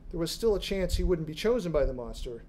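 A man, an author, reading his dark fiction aloud at a live literary event, in a measured, dramatic storytelling manner. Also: on the high side, sing-song, slight background noise, rough recording. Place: bar reading room.

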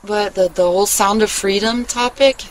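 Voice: mid-range voice, steady tone, normal speed, low-quality recording. A vlogger rambling through a casual monologue in a mid-range voice, blunt and profane, cutting sentences short and starting them again. A faint hum of room noise sits behind the voice. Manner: blunt and profane, trails off and restarts. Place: at home, living in Germany.

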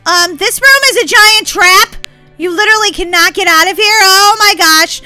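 A woman giving excited gameplay commentary as a channel host, squealing, laughing and crying out in bursts of panic. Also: very high-pitched, normal speed, faint music behind. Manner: squealing, laughing, breathless exclamations.

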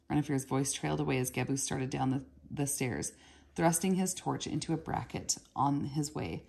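A woman reading a novel aloud in a steady, measured storytelling voice. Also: very deep voice, creaky, husky. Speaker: reader.

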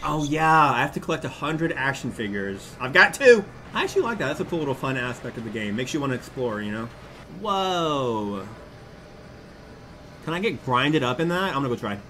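A young man casually commenting as he plays a video game, animated and prone to shouting at what happens on screen. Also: medium pitch, a little fast, slight background noise. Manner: animated, exclaims and yells at the game. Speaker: gaming YouTuber.

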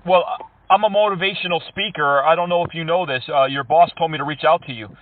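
A man's voice: on the high side, quick pace, distant mic, a little hiss or hum. Sarcastic man prank-calling over a phone line. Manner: sarcastic, taunting, fake-sympathetic. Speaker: scam-baiting prank caller. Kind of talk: mocking prank phone call.

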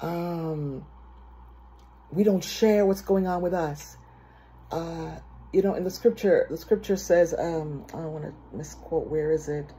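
A woman preaching a sermon in a lively storytelling way, acting out the excited voices of people she quotes. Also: deep voice, a little slow, breathy edge. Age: adult.

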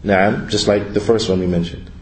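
A man interpreting a religious lecture, speaking deliberately and repeating each point. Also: lowish voice, steady tone, roomy sound, low-quality recording.

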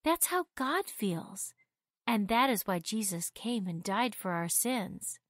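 A woman voicing a warm mother who gently and calmly explains things to her children in a storybook. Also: mid-range voice, slow pace, no echo, clean studio sound. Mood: reassuring.

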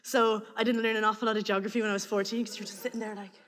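An Irish woman telling a comic personal story to an audience, lively and acting out the voices of the people in it. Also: medium pitch, racing, in a large hall. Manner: lively, acts out voices, breaks into laughter.

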